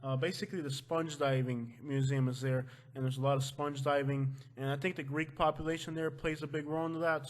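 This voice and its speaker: A man from Florida hosting a casual vlog, talking loosely and breaking into loud joking outbursts at home. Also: medium pitch. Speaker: vlog host. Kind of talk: casual chat. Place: at home with his wife.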